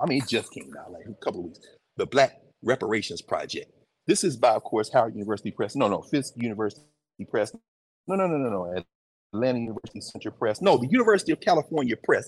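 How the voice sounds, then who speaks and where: A man hosting and lecturing informally in a museum, animated and preacherly, talking back to his listeners. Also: medium pitch, husky. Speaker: host, professor. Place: museum, indoors.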